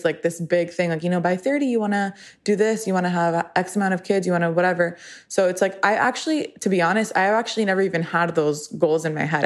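A woman of thirty talks straight to her podcast listeners in a relaxed, rambling way, with "like" and "you know" running through her sentences. Her voice sits a little low for a woman. She pokes fun at herself as she goes. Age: 30s. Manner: chatty, filler-heavy, self-deprecating. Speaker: podcast host. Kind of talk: casual solo podcast monologue.

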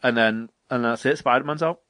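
A man co-hosting a podcast, rambling through an animated retelling in casual chat. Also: medium pitch, brisk, no echo. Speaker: podcast co-host. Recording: dry close mic.

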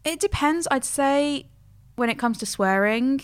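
A woman from Switzerland, chatting casually in a relaxed, measured way. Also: high-pitched. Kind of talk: casual chat.

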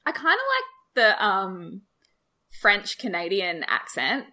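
Bright, lively Australian woman chatting. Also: medium pitch, slow pace. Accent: Australian, Sydney Eastern Suburbs. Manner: giggly, chatty, self-described refined speech. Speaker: podcast co-host. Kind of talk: casual chat.

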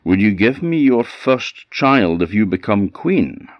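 A sly, cruel little magical man from a storybook tale, as a storyteller with an Orkney accent puts him on. He taunts and bargains in a very low, slow voice. The sound is dry and a little muffled. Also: sing-song, no echo. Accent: Orkney Scots.

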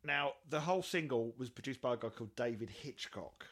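Chatty man with a bright voice. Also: medium pitch, expressive, fairly quick. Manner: chatty, reads quotes aloud, jokey. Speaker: podcast co-host. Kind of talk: casual chat about music.

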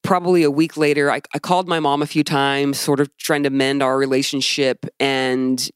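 A woman's voice: very deep voice, little pitch movement, normal speed, clean tone, no room sound, clean studio sound. Emphatic woman podcast co-host. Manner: emphatic, heated storytelling. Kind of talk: casual chat.

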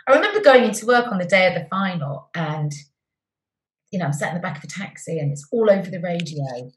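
A middle-aged woman, a TV presenter as interview guest, telling stories warmly and effusively with many restarts. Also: lowish voice, expressive, fast. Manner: warm, effusive storytelling with restarts. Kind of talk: conversational interview. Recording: roomy echoey sound.

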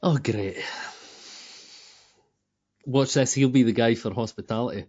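A Scottish man talks football with a fan's glee, sweary and quick to laugh. His pitch sits mid-range for a man. The audio is a touch muffled and lo-fi. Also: breathy edge. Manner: sweary, laughing, animated banter. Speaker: podcast co-host. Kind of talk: casual football chat.

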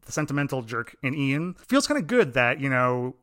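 A man from Long Island hosting an interview, talking like an excited fan with jokey asides. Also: mid-range voice, no room sound, studio quality. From Long Island, New York. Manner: enthusiastic fan, rapid jokey delivery. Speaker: podcast host. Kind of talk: casual interview chat.

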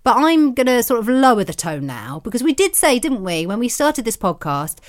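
A woman co-hosting a podcast, teasing her partner with quick interjections. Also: on the high side, big pitch swings. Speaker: podcast co-host. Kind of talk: casual podcast chat.

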